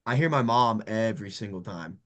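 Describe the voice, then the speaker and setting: This MMA fighter co-hosting a podcast tells fight stories in casual chat, laughing and animated as he acts out the quotes. He speaks fairly quickly in a lowish voice.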